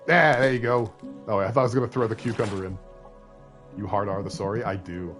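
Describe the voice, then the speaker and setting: A man's voice: on the low side, steady tone, fairly quick, a bit bright. Joking streamer man from Canada. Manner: joking and chatty, talks to chat. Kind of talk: reading a story game aloud on a live stream. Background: faint game music.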